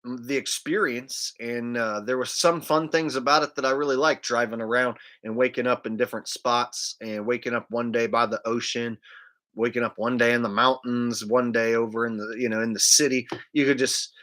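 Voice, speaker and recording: A man's voice: medium pitch, fairly even intonation, normal speed, a bit bright. A man hosting a casual livestream, rambling loosely and dropping "man" and "like" as he talks. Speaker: livestream host.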